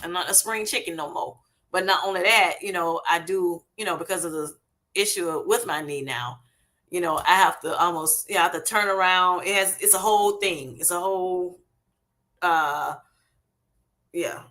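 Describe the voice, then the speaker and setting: Chatting casually with livestream viewers, a middle-aged woman laughs often and calls them honey and y'all. Her voice is on the low side and a bit bright at normal speed, heard through a streaming setup.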